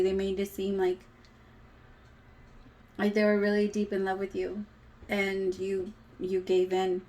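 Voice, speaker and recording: A woman in her thirties giving a casual tarot reading, chatty and emotional, with some casual swearing. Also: mid-range voice. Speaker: tarot reader.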